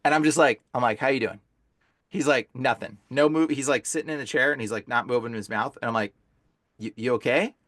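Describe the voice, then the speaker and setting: A man guest, a deliverance minister, telling a story in a casual, animated way, full of "like" and "bro". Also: mid-range voice, fast talker, no echo, clean studio sound.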